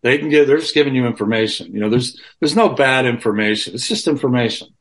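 A man's voice: mid-range voice, animated, fast talker. A man being interviewed from his home over a remote call, in a mid-range voice. He talks frankly and loosely, swears freely, and often restarts his sentences as he works through his thoughts. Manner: frank and profane, rambling with many restarts. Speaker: guest musician. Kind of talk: candid conversational interview.

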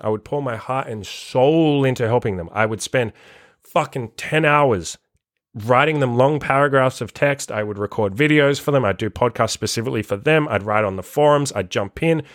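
A man's voice: medium pitch, no echo, studio quality. A man hosting a solo motivational podcast as a life coach, talking bluntly and emphatically and swearing freely.

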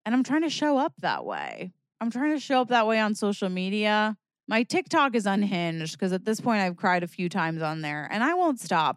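A young adult woman hosts her own podcast, speaking candidly and expressively in a casual solo monologue that moves from lively bursts to quiet reflection. Her pitch is medium, and the studio sound is clean with no room sound.

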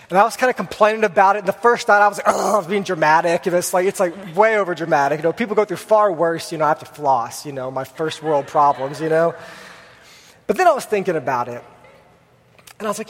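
High-voiced young pastor, husky, casual. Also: male voice, lively intonation, brisk, fairly bright tone. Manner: casual storytelling with lots of fillers. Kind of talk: sermon. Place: church hall with congregation. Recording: long hall reverb.

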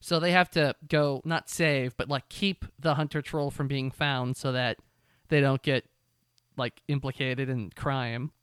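A man's voice: medium pitch, measured pace, smooth, no echo, studio quality. A young man co-hosting a casual podcast chat, retelling a plot with lots of swearing and acted-out voices. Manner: animated storytelling, swears freely, acts out characters. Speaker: podcast co-host.

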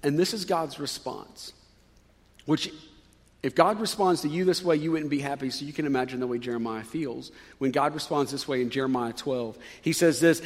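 A man's voice: medium pitch, moderate pace, big-room sound. A male pastor preaching a sermon in a conversational way, rising with emphasis on key points.

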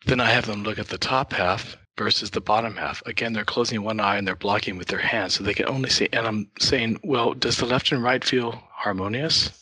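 A man's voice: fairly low pitch, fairly quick, hardly any pauses, pushed and bright, breathy edge, no room sound, rough recording. A man who teaches art, a guest in an interview, patiently explaining ideas through worked examples.

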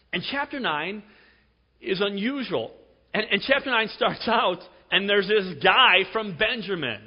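A middle-aged man preaching a sermon, telling stories with emphasis and dropping to a hush for effect. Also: on the high side, lively intonation, a little fast. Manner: storytelling, emphatic, with dramatic drops to a hush. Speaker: pastor. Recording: dull recording with long hall reverb.

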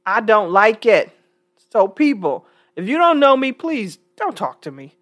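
Here a vlogger from New York talks casually to her audience on camera, chuckling a lot and making her points bluntly and emphatically. She has a mid-pitched voice that swings widely in pitch and moves a bit slowly.

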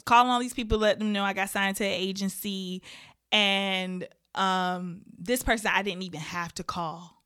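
A woman's voice: medium pitch, normal speed, smooth, no echo, clean studio sound. A young woman hosting a podcast, talking candidly and with feeling, often breaking into laughter. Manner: candid, animated, laughs often, speaks of faith. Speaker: podcast host. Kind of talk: casual heartfelt chat.

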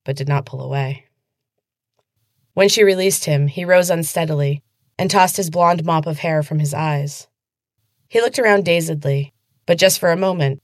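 A woman podcast host reading her own fantasy fiction aloud in a measured, even storytelling manner. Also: deep voice, no echo, clean studio sound. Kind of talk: scripted narration of a fantasy story.

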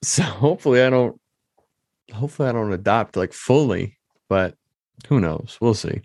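A Michigan man hosts his own podcast in a casual solo monologue, rambling loosely with many ums and restarts. His lowish, slightly mellow voice has lively intonation at normal speed, in studio-quality sound with no room noise.

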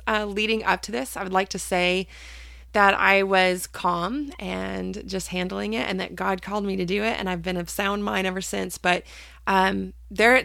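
A woman's voice: medium pitch, gravelly, bright, forceful tone, no echo, studio quality. A woman hosting a personal faith podcast, talking candidly and hesitantly with many fillers and restarts. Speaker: podcast host.

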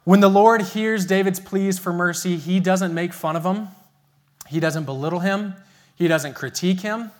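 A young man preaching a sermon as pastor, telling a family story and slowing down to stress key phrases. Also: high voice. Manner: storytelling, earnest and emphatic, slows for key phrases.

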